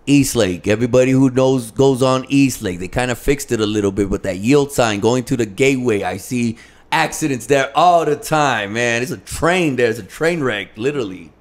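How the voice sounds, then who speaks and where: Animated storytelling man, slangy. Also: mid-range voice, moderate pace. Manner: animated, slangy, acts out dialogue. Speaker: podcast guest. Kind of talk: casual storytelling.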